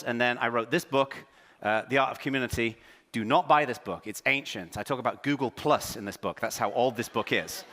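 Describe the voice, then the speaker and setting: A man from England with a half-English, half-American accent, giving a joking, self-deprecating, energetic conference keynote on stage. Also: medium pitch, long reverb tail. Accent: English with American influence. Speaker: keynote speaker. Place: large conference hall on stage.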